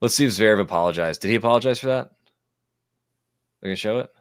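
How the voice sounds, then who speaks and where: A man's voice: on the low side, smooth, no echo, clean studio sound. A man co-hosting a live tennis watchalong, commenting casually and playfully riffing with his co-host. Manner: playful, jokey, quick to riff.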